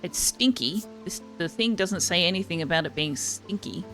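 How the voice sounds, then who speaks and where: Woman streamer, low-pitched, casual let's-play talk with read-aloud game text. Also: lively intonation, moderate pace, fairly bright tone, soft background music. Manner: chatty, switching between asides and reading.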